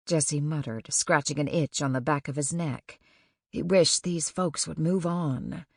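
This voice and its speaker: A woman reads an audiobook in a measured, even way. Her voice sits low with a gravelly edge. The recording is close and dry. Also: no room sound. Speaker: audiobook narrator. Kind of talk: scripted narration.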